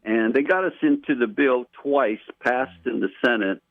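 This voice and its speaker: A man's voice: medium pitch, moderate pace, no echo. Male caller on a tinny phone line. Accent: Guam. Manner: earnest, explains at length. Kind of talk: phoning in to a radio show.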